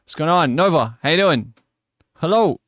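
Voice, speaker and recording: Sick streamer dude joking around, voice bouncing all over, dry close mic. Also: male voice, fairly high pitch, expressive, moderate pace, a bit bright, dry recording. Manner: joking, teasing, chatty with chat. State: sick, coughing. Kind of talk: casual live-stream chat.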